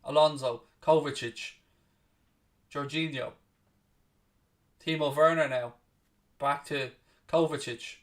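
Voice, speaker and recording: A man's voice: on the high side, fairly even intonation, far from the mic. Blunt man calling football play-by-play. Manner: blunt, snippy with chat, swears freely; rapid play-by-play naming each pass. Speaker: watchalong host. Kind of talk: live football watchalong commentary.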